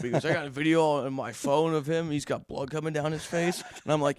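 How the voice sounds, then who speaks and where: An excitable man recounts a wild night, his voice leaping up and down as he shouts quoted lines. He talks a bit higher than most men, and the sound is close and dry. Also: fairly quick, few pauses, no echo. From Philadelphia. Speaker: podcast co-host. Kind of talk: casual comedic banter.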